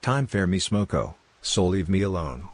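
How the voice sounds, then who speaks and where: A man doing a grumbling low Aussie bloke. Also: lively intonation, moderate pace, a little hiss or hum. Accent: put-on Australian. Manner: crude, grumbling slang. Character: gruff grumbling Australian bloke on smoko.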